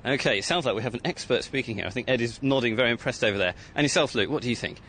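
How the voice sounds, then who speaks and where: Brief: male field reporter outdoors, rapid delivery, faint rumble behind. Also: fairly bright tone. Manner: upbeat, talking to children on site. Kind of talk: live radio report. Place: outdoors at a museum site.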